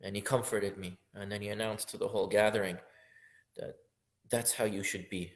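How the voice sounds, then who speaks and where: In a lowish, steady-toned voice at normal speed, a man teaches a poem as a religious lesson. His delivery is impassioned, climbing to loud emphatic peaks, and at times he half-sings the verses.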